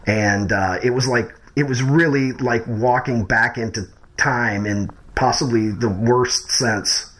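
A man's voice: medium pitch, steady tone, takes it slowly, hardly any pauses, a bit bright, rough recording. Man, casual conversation, easygoing, frequent laughter, dry humor. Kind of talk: casual chat.

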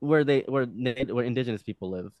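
A man in his twenties, a guest on a podcast, tells a casual, rambling story full of restarts. His mid-range voice moves fairly quickly and sounds animated, with no echo in the recording.

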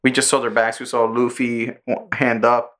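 A man in relaxed podcast banter with a mid-pitched voice. He swears freely and slips into quick impressions of the people he talks about. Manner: animated storyteller, acts out quoted people, swears freely. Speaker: podcast co-host. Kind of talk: casual chat.

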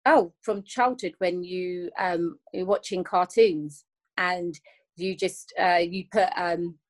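A woman's voice: on the low side, takes it slowly. A woman in her thirties, a podcast guest talking earnestly and circling back to repeat herself as she searches for words. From England. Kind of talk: reflective conversational interview.

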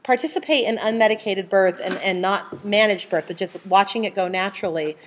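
A middle-aged woman leading a casual group Bible study, animated, full of restarts and acting out voices. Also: brisk, slight background noise. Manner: animated, acts out voices with sudden high outbursts.

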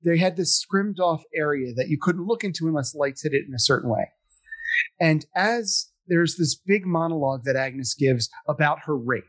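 A middle-aged man spins a long, meandering story in casual conversation. He fills the gaps with ums and likes and pokes fun at himself. His voice sits a little high for a man. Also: normal speed. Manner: rambling, animated, self-deprecating, with many fillers. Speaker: podcast guest telling stories.

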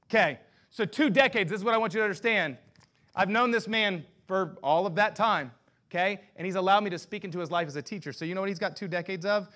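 A male pastor preaching quickly, in a conversational and energetic way. His voice sits a little high for a man, and he keeps putting rhetorical questions to the room. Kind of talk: sermon. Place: church sanctuary.

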